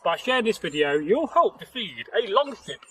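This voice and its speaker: A man with a high, bright voice tells an old folktale outdoors, chatty and rambling and peppered with "you know" asides. There is a faint hiss under the voice. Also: sing-song, moderate pace, poor audio. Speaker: storyteller host. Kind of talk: rambling casual folktale telling. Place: outdoors in nature.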